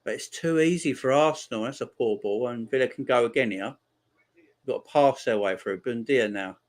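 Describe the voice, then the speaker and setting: A man hosting a live football watchalong, giving casual commentary and chatting back to viewer comments. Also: normal speed. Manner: reacts loudly to chances on the pitch. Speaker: watchalong host.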